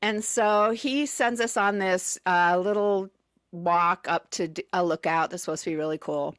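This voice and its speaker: A woman's voice: on the low side, moderate pace, a bit bright, no echo, clean studio sound. A woman telling travel stories as a guest on a radio show, chatty and full of fillers and restarts. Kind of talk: casual radio chat. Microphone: studio microphone.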